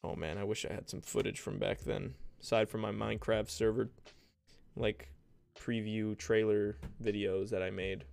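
Gravelly young man rambling on a podcast. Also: lowish voice, flat delivery, normal speed, darkish tone, dry recording. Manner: rambling, self-deprecating, laughs often. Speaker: podcast host and streamer. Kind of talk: casual solo podcast chat.

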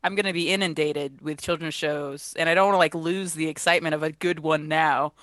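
A man's voice: on the high side, steady tone, brisk, fairly bright tone, no room sound. A man in a casual podcast chat, teasing his friends and laughing a lot.

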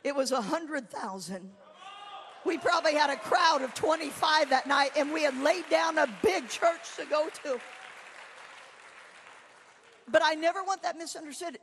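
A woman evangelist preaching a sermon, telling her story with swings from quiet asides to loud, shouted climaxes. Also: high voice, a little hiss or hum. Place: church camp meeting hall. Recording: long hall reverb.

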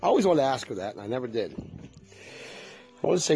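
A man's voice: medium pitch, sing-song, moderate pace, long pauses, a little mellow, slightly rough, soft background music. A middle-aged man rambling in a folksy, chatty way, talking straight to his viewers in a casual monologue. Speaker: vlogger.

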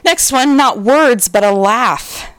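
A woman's voice: fairly high pitch, expressive, slow pace, fairly bright tone. A woman co-hosting a podcast, casually reading out listener stories and laughing between them. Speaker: podcast co-host.

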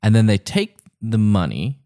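Low-voiced man with wildly swinging pitch. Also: normal speed. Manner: expressive, swoops into high pitch when incredulous. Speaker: podcast co-host. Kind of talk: casual chat recapping a TV show.

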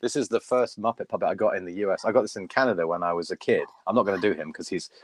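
Enthusiastic low-voiced puppeteer guest. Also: male voice, racing. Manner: chatty, enthusiastic, self-deprecating. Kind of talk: casual interview on video call. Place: home loft.

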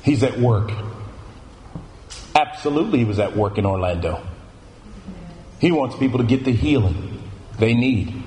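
Guy preaching in an echoey church room, repeats himself for punch, faint hiss behind. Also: medium pitch. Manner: animated, repeats phrases for emphasis. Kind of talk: sermon.

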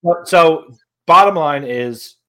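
A young man co-hosting a podcast speaks with a New York-area accent, from somewhere around New Jersey or New York. His voice sits a little high, with a slow pace and a sharp tone, as he trades casual, joking, profane banter.

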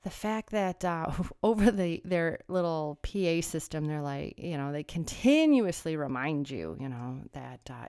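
A woman's voice: low voice, darkish tone, dry recording, studio quality. A woman delivering a sarcastic political commentary monologue, full of rhetorical questions.

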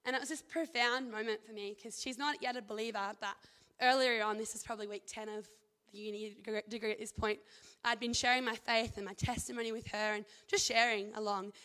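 This young woman speaks on the high side with fairly even intonation, a brisk pace, and a sharp tone. Earnest and chatty, she shares her faith testimony and reads scripture in a hall, relying heavily on "like" and "I think."

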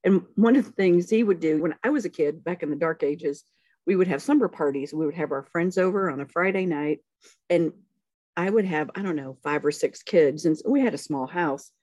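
A middle-aged woman with a Southern US accent, a podcast guest telling family stories in a relaxed, folksy way. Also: fairly low pitch, moderate pace, no echo. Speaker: podcast guest, the hosts' mother. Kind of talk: casual family storytelling.

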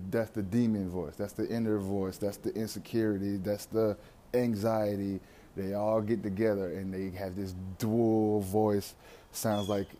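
Man in a low, mellow, rambling confessional. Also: a little hiss or hum. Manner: rambling, reflective, with profanity and slang. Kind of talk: candid personal monologue.

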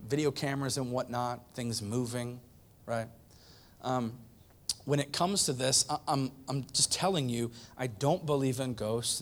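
A male pastor preaching a conversational sermon, repeating points for emphasis. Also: medium pitch. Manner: conversational, emphatic repetition, animated.

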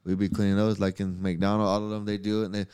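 A man, a maintenance worker, telling profane, animated stories in casual chat. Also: lowish voice, quick pace, clean tone.

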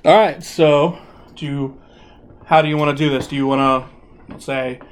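A man's voice: fairly high pitch, steady tone, normal speed. A man hosting a casual podcast, joking and rambling with fillers. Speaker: podcast host.

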